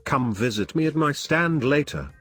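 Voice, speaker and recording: A man's voice: a little high, expressive, moderate pace, soft background music, close to an everyday voice. A man voicing a blunt, flippant young woman baker in a storybook reading, speaking in a dry, offhand way.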